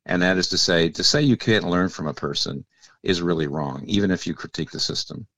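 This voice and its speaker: A man's voice: deep voice, brisk, fairly bright tone, dry recording. An older man, a guest on a radio show, explaining theological ideas in a thoughtful, searching way with many restarts. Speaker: guest pastor and author.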